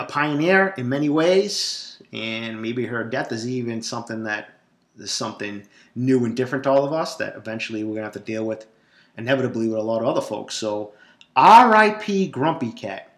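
A man's voice: mid-range voice, normal speed. A man with a Boston accent hosting a casual solo podcast, rambling and profane. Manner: profane, rambling, brash, jokey. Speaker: podcast host. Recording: echoey room.

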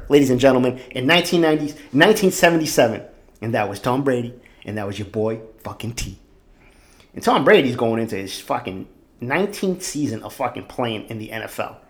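A man in his forties hosting his own podcast, talking candidly and swearing often, with animated outbursts. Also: mid-range voice, fast. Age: 40s. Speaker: podcast host. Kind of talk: casual solo podcast monologue.

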